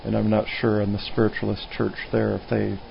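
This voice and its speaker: A man's voice: fairly low pitch, little pitch movement, brisk, creaky. A man hosting a radio talk show, interviewing a guest in a friendly, affirming way. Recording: dull lo-fi radio with faint noise.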